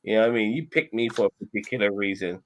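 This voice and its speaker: A podcast host with a slightly low voice vents bluntly, peppering his talk with swearing. His delivery is loose and heated, the kind of unscripted rant heard in a casual panel chat. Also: steady tone, fast talker. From United Kingdom. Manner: blunt, profane, ranting.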